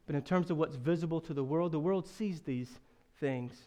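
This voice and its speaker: A man in his thirties preaching a sermon as pastor, earnest and storytelling, rising to emphatic questions and then going quiet. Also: fairly high pitch, moderate pace. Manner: earnest, builds to emphatic rhetorical questions, then drops soft; storytelling with self-deprecating humor.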